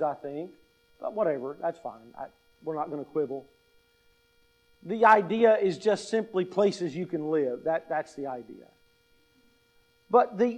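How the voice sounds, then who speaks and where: A middle-aged man delivers a sermon in a fairly high voice, taking his time over every phrase. He repeats his key points and puts rhetorical questions to the congregation, and his delivery stays measured and emphatic. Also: a little mellow. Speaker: pastor.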